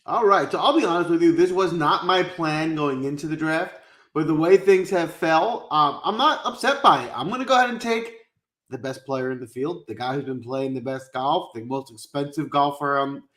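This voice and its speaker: A man's voice: fairly high pitch, normal speed, a bit bright. A man giving fantasy golf picks in a casual live chat, confident and conversational. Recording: roomy echo.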